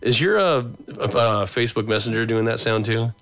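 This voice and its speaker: A man's voice: medium pitch, fairly bright tone. A man co-hosting a podcast, joking crudely in casual chat. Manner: crude, joking, quick banter. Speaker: podcast co-host.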